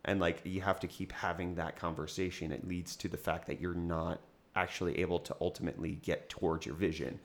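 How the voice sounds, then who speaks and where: A man's voice: low voice, fairly even intonation, fairly quick. A young man chatting casually on a podcast, rambling with many fillers and restarts and often laughing. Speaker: podcast co-host, business owner.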